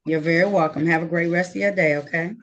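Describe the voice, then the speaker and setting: Woman judge, brisk and friendly, video-call court hearing, reads case numbers slowly. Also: lowish voice, steady tone, a bit bright, dull audio. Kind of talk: virtual courtroom proceedings.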